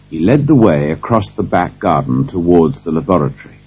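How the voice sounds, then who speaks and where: A man reading a graded-reader story aloud in slow, measured narration. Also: low-pitched, big pitch swings, a little mellow, husky. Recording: dull lo-fi recording.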